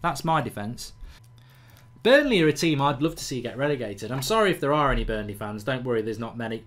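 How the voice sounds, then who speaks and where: Ranting football fan with a bright voice. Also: male voice, medium pitch, big pitch swings, a little fast. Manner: ranting, exasperated, swears a lot. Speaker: football fan channel host. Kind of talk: live match reaction commentary.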